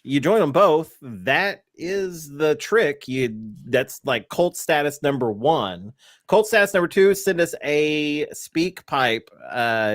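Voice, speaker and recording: A man's voice: a little high, dry recording, studio quality. A podcast host, a man, giving upbeat, promotional plugs in a casual chat.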